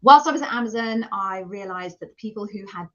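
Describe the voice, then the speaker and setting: A middle-aged British woman hosts a live stream, greeting viewers by name in a chatty, self-deprecating way. Her voice is bright and forceful, at an ordinary pitch for a woman. The sound is a little dull and lo-fi. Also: a little fast. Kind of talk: casual live-stream chat and self-introduction.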